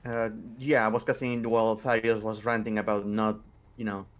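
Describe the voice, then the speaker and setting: A man's voice: fairly low pitch, flat delivery, a little fast. A man playing in a tabletop game, sarcastic and mocking.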